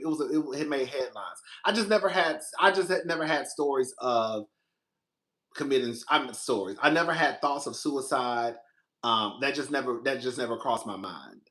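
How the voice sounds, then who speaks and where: Man, young adult, host, casual storytelling, animated, bright, slightly high voice. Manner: animated, jumps into high voice for quoted reactions.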